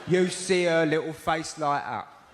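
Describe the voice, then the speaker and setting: A man with a Cockney accent doing stand-up, telling animated stories and acting out voices, on a theatre stage mic. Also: fairly high pitch, a little slow. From East End of London. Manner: animated storytelling with acted-out voices. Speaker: stand-up comedian. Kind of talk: stand-up comedy. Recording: echoey theatre, loud noise. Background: audience laughter.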